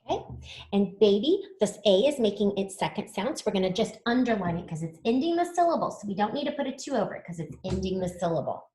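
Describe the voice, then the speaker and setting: A woman's voice: medium pitch, big pitch swings, fast, mellow, reverberant. A woman teaching a spelling lesson to children, patiently sounding words out letter by letter.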